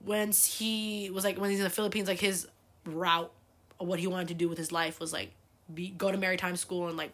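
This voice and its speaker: Her voice medium in pitch with a fairly bright tone, a young US podcast host chats her way through a family story. She fills the gaps with "like" and swears casually.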